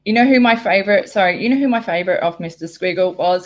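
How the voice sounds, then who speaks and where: An Australian woman hosting a live stream, chatting casually and excitedly with viewers, rambling and swearing freely. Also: mid-range voice, fast. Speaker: livestream host. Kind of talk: casual live chat reading viewer comments.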